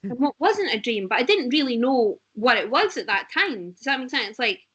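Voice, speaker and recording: A woman's voice: a little high, very animated, normal speed, a bit bright, slightly rough. A woman, a guest in a casual chat, telling stories animatedly and laughing often.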